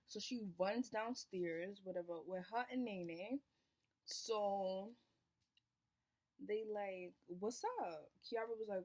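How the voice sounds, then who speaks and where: A woman's voice: medium pitch, unhurried. Young woman telling a wild storytime. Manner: animated, swearing, acts out quoted lines. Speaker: vlogger. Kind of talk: casual storytime.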